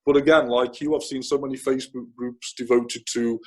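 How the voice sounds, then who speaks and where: A man from Germany, a spiritual author, talking in a relaxed interview with frequent restarts and hesitant fillers. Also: medium pitch, fairly quick, hardly any pauses. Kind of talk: casual interview conversation.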